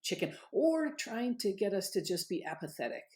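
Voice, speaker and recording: A middle-aged woman, a guest on an interview show, telling stories in an animated, emphatic way. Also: mid-range voice, normal speed. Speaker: guest, author and former candidate. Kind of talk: conversational interview storytelling.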